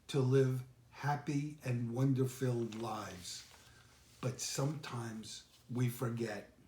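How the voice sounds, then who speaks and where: Male minister, mid-pitched, slow and gentle sermon storytelling, echoey room sound. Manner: unhurried, gentle storyteller with reflective pauses. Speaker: senior minister.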